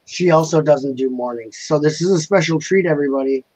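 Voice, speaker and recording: A man's voice: a little high, a little fast. Jokey man hosting a livestream. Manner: jokey, laughs often. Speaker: livestream host. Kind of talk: casual livestream chat. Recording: slightly dull lo-fi sound, faint noise.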